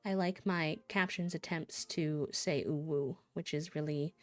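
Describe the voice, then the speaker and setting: A woman's voice: low voice, steady tone, measured pace, dry recording, soft background music. Playful woman streamer, dry close sound. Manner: playful, chatty, sing-song countdowns. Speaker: live streamer. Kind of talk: casual live-stream chat.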